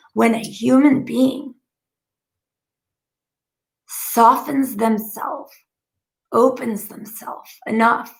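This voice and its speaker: A woman speaking as the channeled spirit of a calm, wise older woman, in a slow, measured and solemn way, at home in her living room. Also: on the high side, gravelly, full character voice, poor audio. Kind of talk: channeled message spoken aloud.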